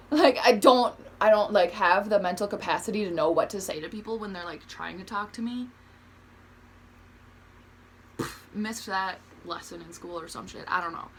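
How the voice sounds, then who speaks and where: Young woman, vlogger, bright voice, casual, profane, rambling, lots of "like". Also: mid-range voice, brisk. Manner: profane, rambling, heavy use of "like"; self-described awkward. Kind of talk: casual storytelling to camera.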